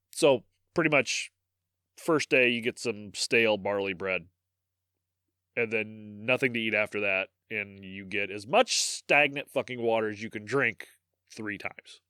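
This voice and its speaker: A man with a Midwestern accent, hosting a casual history podcast, telling the story in an animated way, swearing and laughing. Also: on the low side, a little slow, clean tone, dry recording, clean studio sound. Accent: Midwestern American. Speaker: podcast host.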